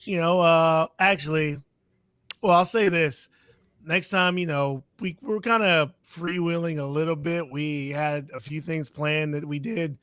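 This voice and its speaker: A man on a casual podcast, telling stories in a relaxed way with small chuckles. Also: on the high side, measured pace, smooth, dry recording, clean studio sound. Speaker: podcast co-host. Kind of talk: casual chat.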